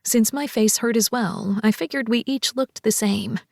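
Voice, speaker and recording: Bright-voiced female audiobook narrator. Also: on the high side, normal speed, gravelly, dry recording, studio quality. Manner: expressive, voices characters. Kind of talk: first-person scripted narration.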